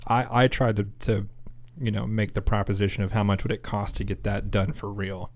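A man's voice: on the low side, level tone, brisk. A young adult man co-hosting a podcast, chatty and profane, explaining things with enthusiasm. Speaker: podcast co-host. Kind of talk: casual chat.

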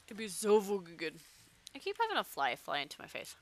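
A young woman chats casually while she plays a game on stream. Her voice is bright and forward, pitched in an ordinary middle range, and she drifts between game remarks and stray thoughts with the odd swear. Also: big pitch swings, fast talker. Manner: chatty, swears casually, talks to her pet. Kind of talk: casual gameplay chat.

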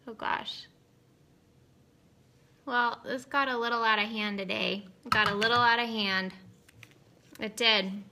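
A woman in her thirties who sells cosmetics chats casually on a live stream, giggling and wandering off on tangents. Her slightly high voice is bright and forceful with fairly even intonation and a moderate pace, picked up by a webcam or phone with slight background noise.

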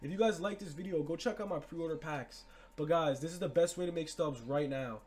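A man's voice: fairly high pitch, a little fast, a little mellow. Hyped young man, gaming vlog. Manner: hyped, repetitive, slangy. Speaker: gaming YouTuber. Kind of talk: excited gameplay commentary.

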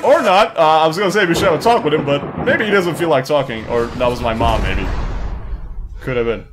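A man giving sarcastic, excitable commentary while playing a horror game. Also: fairly high pitch, brisk, loud music behind the voice, low-quality recording. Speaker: let's play gamer.

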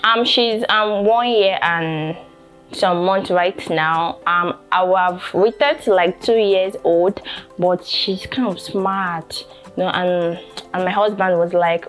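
A woman's voice: on the low side, fairly even intonation, slow pace, faint music behind. Chatty Nigerian woman vlogging. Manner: chatty, repeats herself, many fillers like "you know". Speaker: vlogger and photographer. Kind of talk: casual vlog talk to camera.

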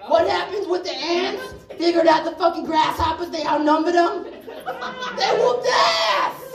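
Very high-pitched man ranting stand-up. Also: fairly even intonation. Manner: profane, shouting, rapid-fire. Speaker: stand-up comedian. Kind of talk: stand-up rant. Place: bar comedy stage. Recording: echoey bar, mic from far off, crowd laughing. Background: audience laughter.

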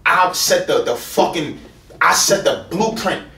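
A man's voice: high voice, expressive, unhurried, gravelly, pushed and bright. A young man from the Bronx with a New York accent, arguing heatedly with his ex-partner in a rambling, profane way and repeating himself. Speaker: YouTube prankster. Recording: roomy sound from a distant hidden camera.

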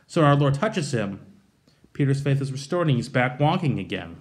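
A man, a pastor, reading scripture and then giving a conversational devotional, retelling the passage with animated paraphrase. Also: mid-range voice, moderate pace.

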